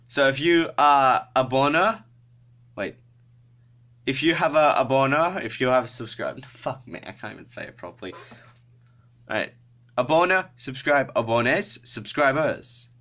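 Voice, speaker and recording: A man's voice: medium pitch, fairly bright tone, dull audio. A male YouTuber in casual vlog chat, self-mocking and swearing freely.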